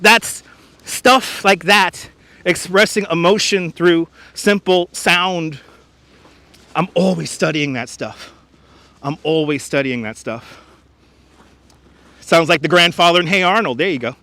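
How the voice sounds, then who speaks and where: Lively, bright-voiced New man streaming outdoors. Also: a little high, no echo. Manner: chatty, reads out viewer comments, slips into put-on voices. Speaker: livestream host. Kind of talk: casual live-stream chat. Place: outdoors on a winter beach. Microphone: wireless clip-on mic.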